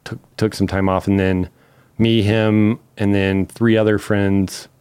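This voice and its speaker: A man from Memphis telling a long story as a podcast guest, animated, acting out the quotes and swearing freely. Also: fairly low pitch, unhurried, clean tone. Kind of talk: casual storytelling.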